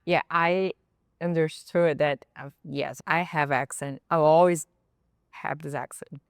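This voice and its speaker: A woman's voice: sits low, a little slow, gravelly, clear, resonant tone, no echo, studio quality. A woman with a Brazilian accent, a podcast guest speaking frankly and with laughter in a casual roundtable chat. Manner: frank, laughing, animated storytelling.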